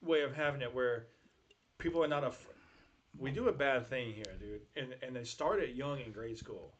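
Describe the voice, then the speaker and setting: A man's voice: medium pitch, moderate pace, muffled recording, a little hiss or hum. A man venting bluntly in casual podcast chat, cursing freely.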